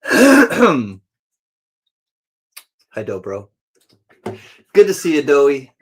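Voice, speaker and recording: Very slow and husky, this man's voice sits on the high side and swings hugely in pitch as he hosts a casual livestream. He jokes around with viewers, welcomes them by name, and laughs often.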